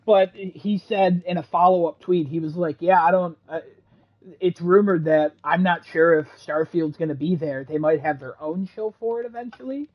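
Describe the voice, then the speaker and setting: Excitable laughing man, casual podcast. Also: fairly high pitch, moderate pace. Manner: excitable, laughs often, mock exclamations. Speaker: podcast co-host. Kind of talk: casual chat. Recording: dull lo-fi podcast audio.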